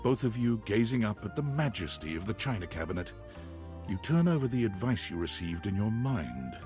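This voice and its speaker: A man narrating a dating game in calm second person, reading scripted narration. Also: fairly low pitch, normal speed, over music.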